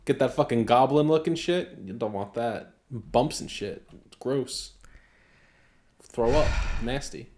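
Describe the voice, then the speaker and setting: A podcast co-host in casual chat, telling crude stories in a deadpan way. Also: medium pitch, a little slow.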